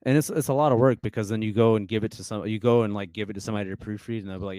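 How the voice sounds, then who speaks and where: A young man with a low, smooth, resonant voice, recorded close and dry. He tells stories as a podcast guest in loose, casual talk, heavy on fillers and false starts and often laughing. The delivery is conversational and never polished. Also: steady tone, racing, few pauses, darkish tone, no room sound. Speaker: guest musician.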